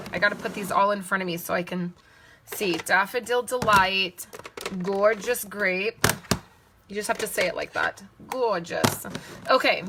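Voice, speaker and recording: Over heavy background noise, a medium-pitched woman hosts a casual live crafting demo, making cards. She talks and thinks out loud while working and responds to comments from viewers.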